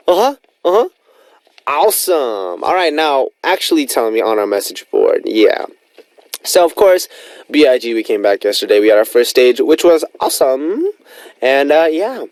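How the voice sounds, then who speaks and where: A man's voice: a little mellow, no room sound, low-quality recording. A man in his twenties hosting a radio music show, upbeat and enthusiastic in a studio. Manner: bouncy, enthusiastic, big pitch swings. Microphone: studio microphone.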